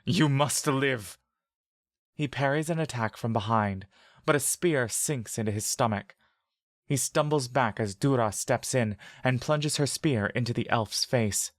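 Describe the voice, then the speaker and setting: A man narrates a scripted second-person story with steady, vivid delivery. His voice sits in an ordinary middle range. The recording is close and dry, with no room sound. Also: medium pitch, normal speed, dry recording.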